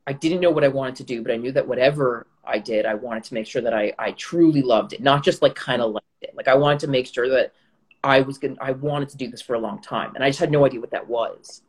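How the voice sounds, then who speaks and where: A man's voice: medium pitch, fast talker, low-quality recording. A young man from Canada, an actor, talking reflectively in a casual chat with many fillers and restarts. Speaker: actor guest. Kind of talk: casual video-call chat.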